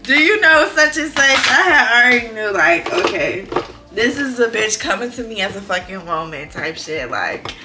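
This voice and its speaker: A young woman, telling a storytime vlog in an animated, profane, exclamatory way. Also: a little high, moderate pace, over music. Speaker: vlogger. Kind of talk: casual storytime.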